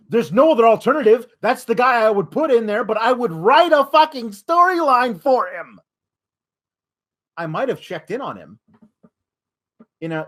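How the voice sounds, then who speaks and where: A man's voice: sits high, fairly bright tone. A man hosting a wrestling podcast, ranting in exasperation with frequent swearing. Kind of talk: podcast rant.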